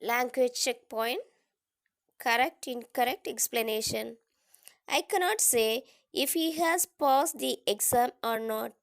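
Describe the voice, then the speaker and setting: A woman teacher, reading a grammar lesson aloud slowly and deliberately. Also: fairly high pitch, creaky. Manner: slow, deliberate, careful reading. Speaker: English teacher.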